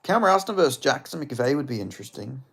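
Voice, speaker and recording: With big pitch swings and a quick pace, this young man's mid-range voice sounds gravelly, husky and a bit bright. He's hosting a fight watch-along stream, casually chatting, cursing often, joking with chat and laughing a lot.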